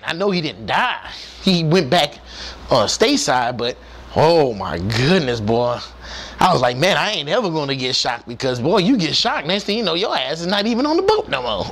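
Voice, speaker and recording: A former Navy submarine technician tells his sea stories in a loose, salty, colloquial way. His pitch leaps up and down as he gets into each scene, and he stops to talk straight to the viewer. He is a man spinning yarns off the cuff, not reading a script. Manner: animated, profane, colloquial, addresses viewers directly. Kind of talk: casual storytelling.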